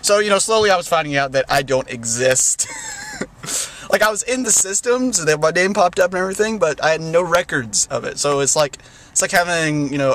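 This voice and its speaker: Rambling young man with a lively voice. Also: fairly high pitch, a little hiss or hum. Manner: rambling, full of fillers and restarts, laughs often. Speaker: vlogger. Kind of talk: casual storytelling vlog.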